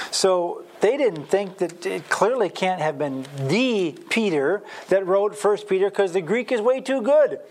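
Emphatic man teaching a Bible lesson. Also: fairly high pitch. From Wisconsin. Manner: emphatic, with frequent fillers and restarts. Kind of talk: sermon teaching.

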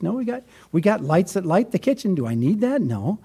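A middle-aged man preaching a sermon, explaining scripture with animated emphasis and folksy, self-deprecating stories. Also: sits high, brisk, few pauses, slightly rough. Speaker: pastor.

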